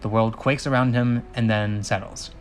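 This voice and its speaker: A man's voice: fairly low pitch, steady tone, moderate pace, clear, resonant tone. A man reading a film script aloud as a channel host, with dry sarcastic asides.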